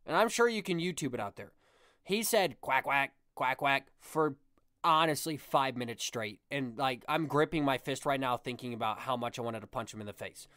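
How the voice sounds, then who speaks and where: A man hosting his own podcast, ranting in a casual, exasperated and animated way. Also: mid-range voice, a little fast, no room sound, clean studio sound. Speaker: podcast host.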